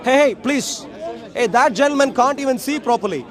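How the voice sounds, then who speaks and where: A man's voice: extremely high pitch, animated, moderate pace, a crowd in the background. A man speaking as a street speaker in an outdoor park, debating passersby in an emphatic, repetitive, lecturing way. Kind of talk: open-air debate speech to passersby.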